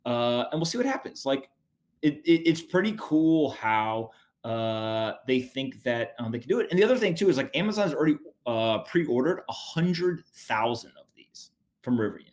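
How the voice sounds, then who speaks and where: A man's voice: medium pitch, big pitch swings, moderate pace. A man hosting a podcast, bantering and joking energetically in casual chat and reading a sponsor spot. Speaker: podcast host.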